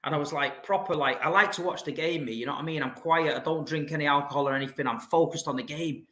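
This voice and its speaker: Casual male guest, slightly higher voice, chatty storyteller, echoey room sound. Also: fast talker, fairly bright tone. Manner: chatty anecdote teller. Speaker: podcast guest. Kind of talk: casual chat. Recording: roomy echo.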